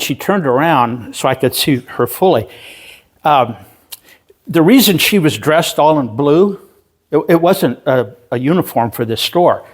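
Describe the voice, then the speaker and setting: Slow-talking pastor preaching a sermon. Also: male voice, mid-range voice, breathy edge. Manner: slow, halting storytelling with self-deprecating humor. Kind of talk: sermon with personal story. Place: church sanctuary.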